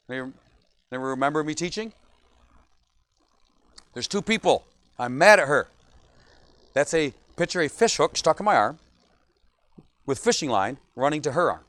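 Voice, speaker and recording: A man's voice: a little high, big pitch swings, moderate pace, long pauses, a bit bright, no room sound. A middle-aged man, a pastor, preaching a sermon in a church, joking often and asking "right?" again and again.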